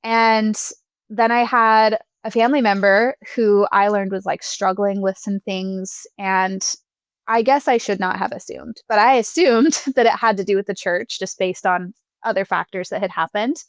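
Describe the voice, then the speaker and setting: A woman's voice: mid-range voice, fairly even intonation, moderate pace, smooth, no echo. A young woman guest in a casual interview, chatty, laughing often and filling her talk with "like" and "you know.". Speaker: podcast guest.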